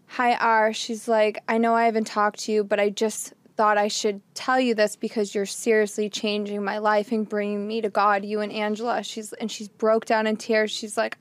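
A woman's voice: mid-range voice, no echo. A young woman co-hosting a casual faith podcast, telling personal stories with frequent giggles and emotion. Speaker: podcast co-host.

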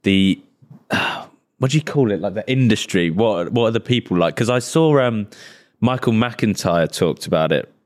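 A man's voice: lowish voice, normal speed. Laid-back male podcast host. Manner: relaxed, asks rambling questions. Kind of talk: casual podcast chat.

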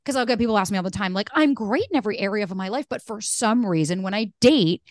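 Woman podcast host, quick and animated, frank, swears easily, dry close sound. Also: mid-range voice, dry recording. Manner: candid, animated, curses freely. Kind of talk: casual chat.

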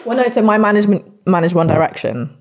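A woman's voice: medium pitch, lively intonation, quick pace, a little mellow. A woman singer chatting as a podcast guest, giggly and rambling with many restarts. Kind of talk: casual chat interview.

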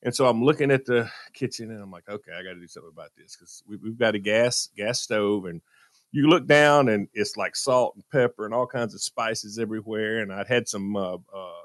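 A man's voice: medium pitch, no room sound, clean studio sound. A middle-aged man co-hosting a radio show, telling a self-deprecating story and acting out the dialogue. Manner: animated, self-deprecating storyteller who acts out quoted dialogue. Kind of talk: casual talk radio storytelling.

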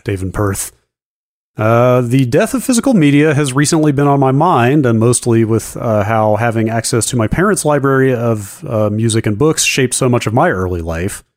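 A man co-hosting a podcast, reading a listener email aloud in an even, steady way. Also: mid-range voice, moderate pace, dry recording, studio quality. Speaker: podcast co-host.

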